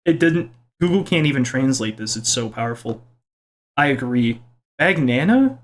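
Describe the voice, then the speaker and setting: A young man casually reading out and joking about viewer comments in his video, with a playful, self-mocking manner. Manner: playful, self-mocking, quick swings in pitch. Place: home kitchen.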